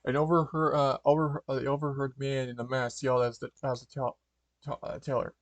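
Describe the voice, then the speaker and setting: A man's voice: medium pitch, flat delivery, fairly quick, dry recording. A man reads a fan-written story aloud in an ordinary mid-range voice. The sound is close and dry. He trips over words, backs up and corrects himself constantly. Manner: stumbling, frequent restarts and fillers. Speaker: fanfiction reader.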